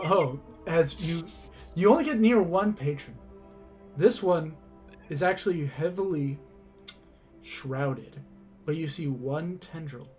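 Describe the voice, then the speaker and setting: Slow-narrating male game master. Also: on the high side. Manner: slow, descriptive narration with restarts.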